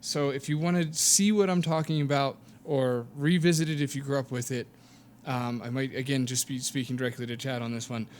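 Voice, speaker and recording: A man's voice: medium pitch, steady tone, a little fast, few pauses, a little hiss or hum. A middle-aged man co-hosting a casual chat, joking dryly and putting himself down. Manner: dry joking, self-deprecating. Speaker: podcast co-host.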